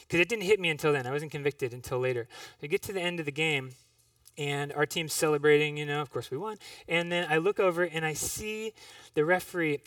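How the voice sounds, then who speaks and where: A man's voice: fairly high pitch, sharp tone, no room sound, recorded from a distance. A young man speaking to a congregation, telling a personal story with restarts and self-deprecating asides. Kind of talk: sermon.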